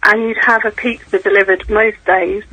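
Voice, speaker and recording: A woman's voice: medium pitch, fairly even intonation, normal speed, sharp tone, dry recording, low-quality recording. A woman calling in to a late-night radio show, talking with the host in a chatty, confiding way. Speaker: caller. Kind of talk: phone-in call.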